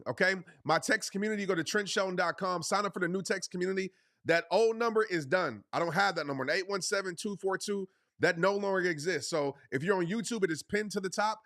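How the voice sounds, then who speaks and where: Passionate, pushy motivational man, high bright voice. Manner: passionate, pushy, repeats phrases for emphasis; casual slang, addresses the audience as y'all. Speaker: motivational speaker hosting a livestream. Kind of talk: livestreamed motivational talk.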